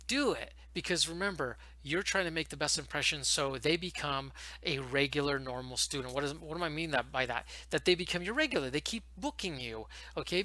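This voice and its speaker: A man talks quickly into a headset, coaching new online teachers with lively energy. His voice sits a little high and very bright. The sound is dry and close, with no room around it. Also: dry recording. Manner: fast, animated, coaching tone. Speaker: online ESL teacher giving advice. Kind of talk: casual advice video.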